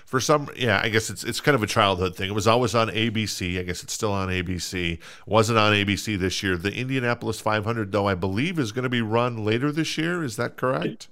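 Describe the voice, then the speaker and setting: A man's voice: fairly low pitch, a little fast, hardly any pauses, a bit bright. A man with a Minnesota accent hosting a casual sports podcast, talking with many fillers and restarts. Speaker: podcast host.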